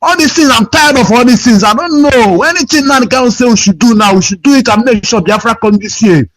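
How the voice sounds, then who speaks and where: A man's voice: very high voice, quick pace, a bit bright. A Nigerian man calling in to a radio show, complaining in an aggrieved, repetitive, pleading way over a phone line. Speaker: caller.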